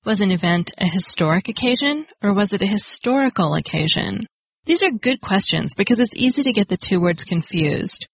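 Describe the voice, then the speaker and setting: A woman hosting a podcast, reading a scripted grammar lesson in a clear, explanatory way and stressing the key words. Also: medium pitch, expressive, normal speed, no echo. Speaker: podcast host. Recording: dry, slightly dull lo-fi studio recording.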